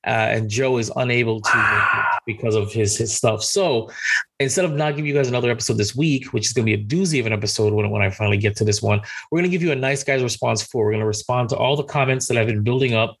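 Male podcast host, casual and chatty, husky rasp, laughs easily. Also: mid-range voice, fairly bright tone. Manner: rambling, laughs often, reads listener comments aloud.

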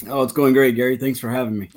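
A man's voice: mid-range voice, level tone, fast talker, darkish tone. A man, a fishing guide captain, guesting on a podcast from his shop over a video call, answering modestly with many fillers. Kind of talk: casual interview answers.

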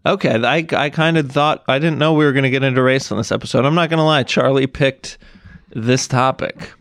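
A man's voice: medium pitch, steady tone, a little fast, fairly bright tone, no echo, clean studio sound. A young man co-hosting a podcast, trading wry jokes in casual chat. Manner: wry joking banter. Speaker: podcast co-host.

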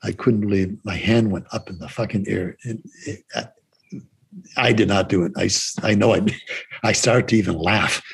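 A man telling a personal story in casual conversation, halting, with restarts and frequent swearing. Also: on the low side, vocal fry, slightly rough. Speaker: interview guest.

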